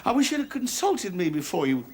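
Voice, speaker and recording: A blustering, flustered husband. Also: male voice, sits high, very animated, brisk. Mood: exasperated. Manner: flustered, indignant, stammering. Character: fussy, blustering middle-aged suburban husband. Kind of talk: 1980s British sitcom acting. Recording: TV studio with loud noise and audience laughter.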